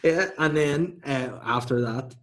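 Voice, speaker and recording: A man's voice: medium pitch, takes it slowly, fairly bright tone. A man in his thirties hosting a podcast, telling rambling, self-mocking stories in casual chat. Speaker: podcast host.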